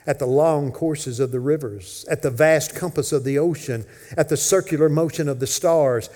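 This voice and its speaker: A man, a pastor, preaching a sermon with dynamic swings from loud emphasis to hushed whispers. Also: on the high side, in a large hall. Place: church sanctuary.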